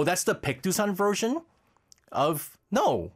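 A radio host in animated, casual chat, teasing a co-host and often breaking into laughter. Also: medium pitch, fairly quick.

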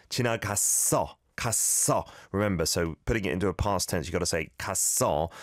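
A man with a very low voice hosting a radio show, walking listeners through pronunciation with patient, gently corrective explanations. The studio sound is close and dry, with no room echo. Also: clear, resonant tone. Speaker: radio host.

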